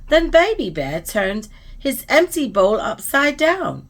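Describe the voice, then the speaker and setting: A woman storyteller reading a children's bedtime story aloud in an expressive, soothing way. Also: a little high, slow. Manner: expressive, soothing, trailing into soft whispers at the close.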